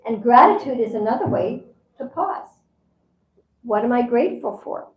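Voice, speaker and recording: This is seminar talk from a woman teaching spirituality conversationally and acting out quoted voices. She sounds a little high and animated at a moderate pace, and the room echoes noticeably.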